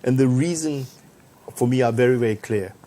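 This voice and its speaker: A man, a TV panel guest who talks in a halting way, often repeating words, with good humour. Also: medium pitch, warm tone, slight background noise. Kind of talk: studio debate. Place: TV studio.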